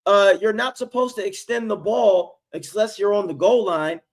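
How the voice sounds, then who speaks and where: A man's voice: sits high, normal speed. A man co-hosting a live sports reaction stream, fired up and blunt, calling out to his co-host as he talks. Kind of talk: casual sports reaction chat.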